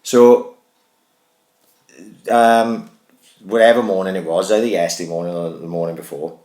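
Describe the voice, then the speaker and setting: A man, co-hosting a casual podcast and telling a long, sweary, animated anecdote. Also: low-pitched, normal speed, roomy sound. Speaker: podcast co-host. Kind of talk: casual chat, storytelling.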